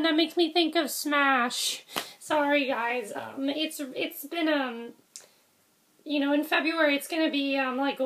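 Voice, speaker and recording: Young woman, high pitch, chatty rambling reviewer who keeps correcting herself and saying sorry. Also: fairly bright tone, a little hiss or hum. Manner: rambling, self-correcting, frequent ums and apologies. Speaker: TV episode reviewer. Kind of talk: casual video review.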